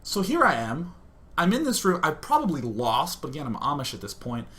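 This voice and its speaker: A man hosting a gaming stream, telling a comic story in an animated, self-mocking way with loud outbursts. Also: fairly high pitch, brisk. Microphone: streaming setup facing a webcam.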